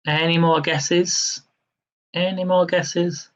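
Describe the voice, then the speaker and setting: In a high, level voice and at a slow pace, this man hosts a quiz over a live stream. The audio is lo-fi, and he keeps things chatty and cheerful, laughing readily while reading questions and running countdowns.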